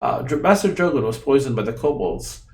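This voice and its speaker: A man playing a small, fretful female guardian in a game, childlike and eager to please. She speaks of herself in the third person in broken grammar, with a gravelly edge in an echoey room. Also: mid-range voice, lively intonation, a little fast, close to an everyday voice.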